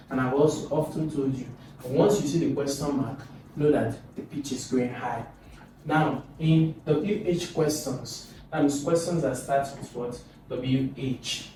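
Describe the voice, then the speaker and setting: Lively man teaching, echoey distant recording. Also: measured pace, slight background noise. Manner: lively, demonstrative, swoops pitch on example phrases. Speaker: English teacher. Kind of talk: recorded video lesson.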